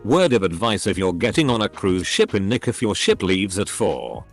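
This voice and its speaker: Male narrator with a lowish, animated read, faint music underneath; steady scripted delivery of online posts. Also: moderate pace. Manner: even, steady reading, voices symbols and emoticons literally. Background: faint background music.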